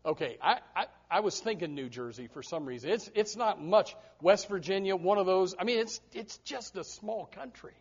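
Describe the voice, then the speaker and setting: A man's voice: high-pitched, lively intonation, normal speed, few pauses, slightly rough. A male preacher from the United States giving an emphatic sermon to a congregation, often repeating words as he restarts. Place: church before a congregation. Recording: dull lo-fi recording.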